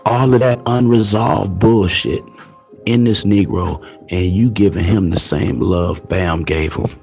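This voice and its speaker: Gravelly, confrontational male commentator. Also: deep voice, unhurried, a little mellow, faint music behind. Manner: confrontational, preachy, taunting rhetorical questions. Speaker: online show host. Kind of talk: ranting commentary.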